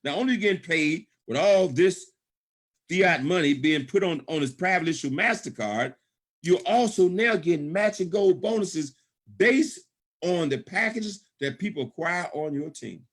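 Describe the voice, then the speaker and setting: A man's voice: high-pitched, lively intonation, normal speed. A middle-aged man, presenting a business opportunity on a call, emphatic and repetitive, checking in with "okay?" often. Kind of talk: sales pitch on a conference call.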